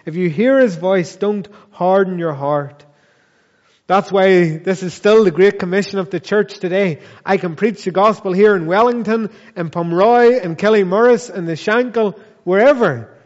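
Male pastor, high-pitched, deliberate sermon delivery, echoey church recording. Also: lo-fi sound. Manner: earnest, measured preaching with repeated questions and slow emphatic phrases.

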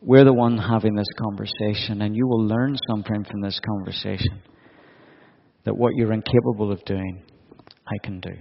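A preacher voicing an exasperated God. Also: male voice, fairly low pitch, fairly even intonation, normal speed, creaky, a little hiss or hum. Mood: firm. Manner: exasperated, pleading questions. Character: God, male, weary and exasperated with a reluctant servant. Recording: dull audio with long hall reverb.

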